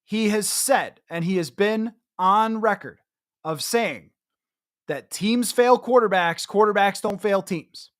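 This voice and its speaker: A man hosting a solo sports podcast, giving chatty, emphatic commentary with self-mocking asides. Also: high voice. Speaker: podcast host.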